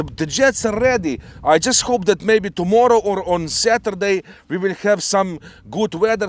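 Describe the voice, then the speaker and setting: A man co-hosting a hobby video outdoors in a windy field, talking loudly and enthusiastically, laughing often, on a windscreened mic. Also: high voice. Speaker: co-host of an RC hobby channel. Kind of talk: casual outdoor chat to camera. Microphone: mic with furry windscreen.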